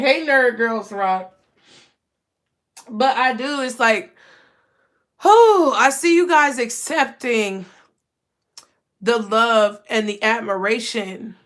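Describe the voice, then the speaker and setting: A woman's voice: a little high, fairly bright tone. Emotional woman giving a spiritual reading. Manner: emotional, repetitive, addresses viewers as y'all. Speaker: tarot reader. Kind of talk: casual spiritual reading to camera.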